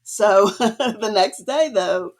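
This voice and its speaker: A chatty woman artist, telling her story in a relaxed interview with a gravelly edge to her voice. Her talk is loose and full of fillers, and she tells it at an even middle pitch. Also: drawn-out words. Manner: chatty, acts out quoted dialogue with rising pitch. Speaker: guest artist.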